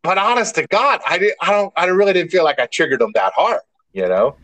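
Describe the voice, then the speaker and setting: A man's voice: sits high, lively intonation, fairly quick, fairly bright tone, no echo, low-quality recording. A man co-hosting a podcast in casual chat, a rambling storyteller who restarts often and swears mildly. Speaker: podcast co-host.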